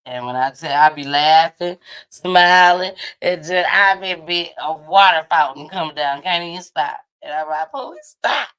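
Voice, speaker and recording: Low-voiced laughing woman host. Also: normal speed, smooth. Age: middle-aged. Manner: laughs often, animated and teasing. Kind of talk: casual chat.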